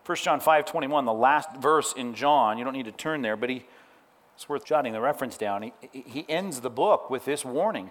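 With a mid-range voice at normal speed, a middle-aged pastor delivers a lively sermon. He acts out quotations and reminds listeners to note down the references.

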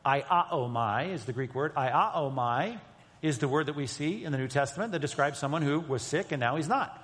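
A man with a somewhat high voice preaches to his congregation, leaning hard on key words and then dropping to a hushed aside. The sound carries a long reverb from the large hall. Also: expressive, normal speed. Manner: emphatic, shifts between loud and hushed delivery. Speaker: pastor. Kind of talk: sermon.

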